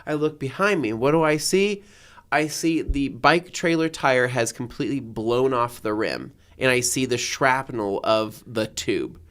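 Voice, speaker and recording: Smooth-voiced man telling a lively story. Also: mid-range voice, unhurried. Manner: animated storyteller, acts out his own reactions. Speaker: podcast co-host. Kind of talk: casual storytelling chat.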